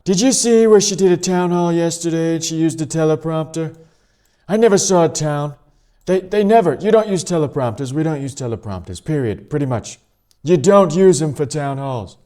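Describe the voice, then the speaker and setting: A brash, boastful older politician bellows his lines in halting bursts and repeats himself, with a man putting him on. The voice sits noticeably higher than a low natural register and pushes hard on volume. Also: expressive, lightly acted. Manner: loud, halting repetitions.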